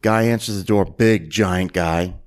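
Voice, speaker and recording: A man's voice: low voice, steady tone, a little slow. A man co-hosting a podcast, casually retelling a film scene and jumping into put-on voices for quoted lines. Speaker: podcast co-host. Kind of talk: casual movie-review chat.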